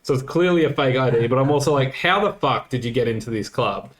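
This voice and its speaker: A man's voice: mid-range voice, fast talker. A man co-hosting a podcast, telling a nightlife story casually with swearing and quoted dialogue. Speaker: podcast co-host. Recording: roomy echo.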